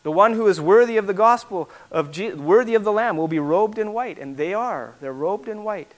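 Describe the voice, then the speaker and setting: A man preaching a sermon as pastor, building to loud, emphatic repetition and then dropping to quiet asides. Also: high voice, lively intonation, normal speed.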